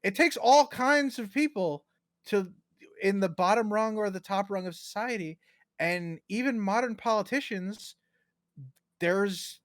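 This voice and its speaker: A man co-hosting a casual podcast discussion, talking in an animated way and swearing casually. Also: high voice, unhurried, no room sound, clean studio sound. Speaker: co-host.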